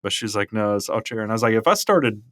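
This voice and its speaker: A man's voice: lowish voice, lively intonation, fast talker, a bit bright, no echo, studio quality. A man with a Southern Alabama accent, co-hosting a casual podcast and telling rambling stories with chuckles. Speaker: podcast co-host, professor. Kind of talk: casual storytelling.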